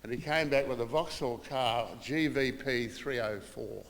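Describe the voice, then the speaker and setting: A man's voice: medium pitch, unhurried, vocal fry. An older man with an Australian accent gives a eulogy for his mother, telling family stories, acting out the voices he quotes and chuckling as he goes. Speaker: son giving a eulogy. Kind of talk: funeral eulogy with anecdotes. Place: small funeral room. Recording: reverberant room with long echo.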